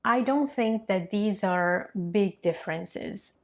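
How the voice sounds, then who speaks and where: A young woman from Milan with an Italian accent, teaching a pronunciation lesson and modeling sounds slowly and clearly. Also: medium pitch. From Milan, northern Italy. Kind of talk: online language lesson.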